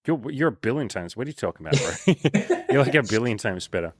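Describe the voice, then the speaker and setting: A man's voice: medium pitch, expressive, fast, dry recording. A man hosting a casual coaching interview, talking animatedly, swearing freely and acting out little bits of dialogue. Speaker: dating coach and host.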